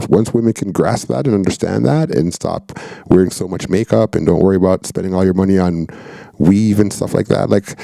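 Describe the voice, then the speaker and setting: A man with a very low, gravelly voice talks loosely over clips as host. His tone is dark and mellow, and he keeps turning to his viewers. Faint music plays underneath. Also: dry recording. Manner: laid-back, chatty, asks viewers to comment. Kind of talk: casual commentary.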